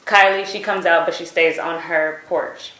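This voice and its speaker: Hesitant woman witness, slightly low voice, echoey room recording. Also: steady tone, moderate pace, pushed and bright. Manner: hesitant, many fillers, retelling events. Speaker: witness giving a statement. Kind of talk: recorded statement to prosecutors.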